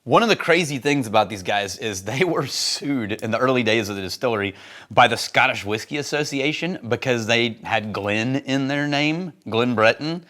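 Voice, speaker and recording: A lively, outspoken man chatting through a whisky tasting in a casual vlog. He laughs easily, jumps between tasting notes and blunt opinions, and speeds up when he goes off on a tangent. His voice sits at an ordinary middle pitch for a man. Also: moderate pace. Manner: animated, opinionated, laughs often, speeds up in asides. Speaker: whisky reviewer and host.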